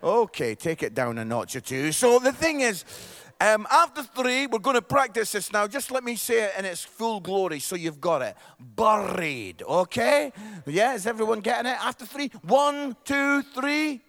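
A middle-aged Scottish pastor delivers a sermon to his congregation in a very high voice. Lively and jokey, he teases the room and drops quick tag questions like "yeah?" between his points.

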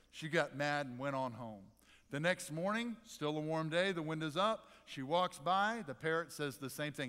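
A pastor preaches in an animated, conversational way, leaning on dramatic pauses. His voice sits fairly high for a man, and a long reverb carries it around the church sanctuary. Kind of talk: sermon.

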